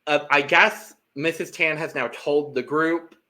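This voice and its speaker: Unhurried and pitched on the high side, this man co-hosts a podcast where he casually recaps a reality show. He gets animated, performing the contestants' quotes himself.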